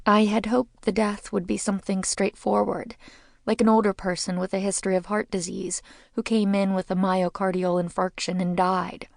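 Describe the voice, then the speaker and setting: A woman's voice: medium pitch, level tone, moderate pace, vocal fry, a little mellow, no echo, clean studio sound. A woman narrating a mystery audiobook in the first person, with a wry, conversational telling.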